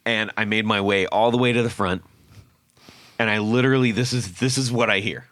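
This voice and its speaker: A man hosting a podcast, telling a story in a casual, animated way and acting out what people said. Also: lowish voice, fairly quick, dry recording, clean studio sound. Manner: animated, acts out quotes with laughs. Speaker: podcast host.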